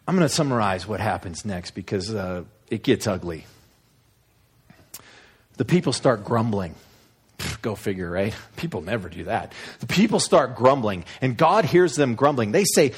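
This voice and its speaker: A man preaching a sermon, retelling a story in an animated, humorous, conversational way. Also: medium pitch, a little slow, slightly rough. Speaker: pastor.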